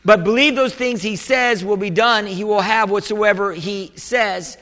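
A pastor with a high, fairly bright voice preaches at a measured pace to his congregation, using call-and-response and asking for amens, with occasional restarts. The sanctuary is an echoey hall with long reverb.

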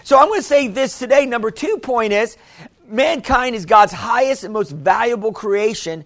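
High-voiced male pastor preaching. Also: lively intonation, moderate pace, fairly bright tone. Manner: preaching with call-and-response, asking for amens; repeats and restarts phrases for emphasis. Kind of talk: sermon.

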